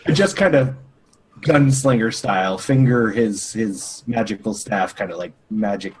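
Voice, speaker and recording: A man playing a tabletop role-playing game, describing his character's moves in a halting, deadpan way. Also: lowish voice, slight background noise, low-quality recording. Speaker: player.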